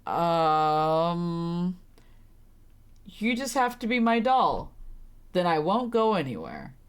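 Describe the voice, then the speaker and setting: A woman's voice: lowish voice, very animated, takes it slowly, clean tone. A young woman streaming a story game, reading lines aloud and reacting with flustered, laughing commentary.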